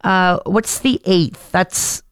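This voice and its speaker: A woman's voice: fairly low pitch, takes it slowly, clean tone, no echo, clean studio sound. A woman co-hosting a morning radio show, chatting at length with frequent fillers.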